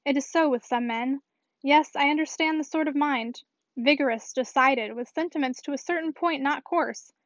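Sure-minded young lady, high voice, dry dull recording, read by a woman. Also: moderate pace, dry recording, lightly acted. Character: clever young lady, confident and decided.

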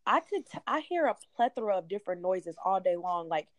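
A woman's voice: fairly low pitch, lively intonation, brisk, no room sound. A woman with a Texan accent, co-hosting a podcast in casual chat, who explains herself with lots of fillers and restarts. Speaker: podcast co-host.

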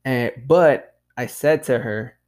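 Male podcast host, casual solo monologue, unhurried delivery, swears freely and calls everyone "dude". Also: medium pitch, darkish tone. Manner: loose and profane, peppered with "dude"; laughs at himself.

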